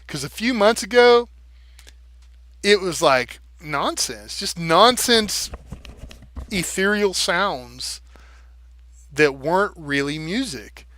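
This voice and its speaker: A man's voice: high-pitched, animated, slow, long pauses, sharp tone. A man talking casually and animatedly on a livestream, swearing freely and tapping out rhythms with nonsense syllables. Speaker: live streamer.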